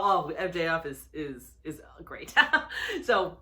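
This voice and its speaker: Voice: medium pitch, very animated, takes it slowly, bright, forceful tone. A reviewer giving a casual recap of a wrestling episode, rambling with lots of fillers and restarts, and chuckling often.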